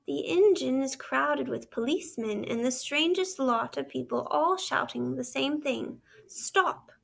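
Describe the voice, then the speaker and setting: A woman's voice: sits high, a little slow, gravelly, exaggerated voice. A woman doing a plainspoken train driver. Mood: alarmed. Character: kindly but stern male train engine driver.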